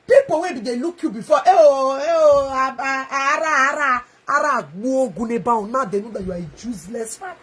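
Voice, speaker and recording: A woman with a Nigerian Pidgin English accent, ranting angrily in a video, taunting and mocking with shouts and a sing-song edge. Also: high voice, a little fast, hardly any pauses. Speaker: online video ranter. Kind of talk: angry livestream rant.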